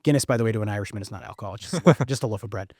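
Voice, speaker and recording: A man in his thirties, a podcast guest talking fast and animatedly, with plenty of fillers and the odd swear. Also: lowish voice, a little mellow, no echo, clean studio sound. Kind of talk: casual conversation.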